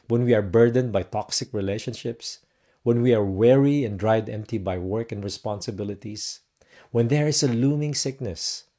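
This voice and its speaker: A man giving a devotional sermon in a slow, measured way, letting his phrases trail off softly. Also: on the low side. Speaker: preacher.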